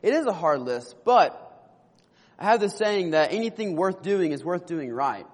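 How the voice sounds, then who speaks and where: A man's voice: high voice, very animated, normal speed, big-room sound. A young man preaching a sermon, telling a story and earnestly asking the listeners questions.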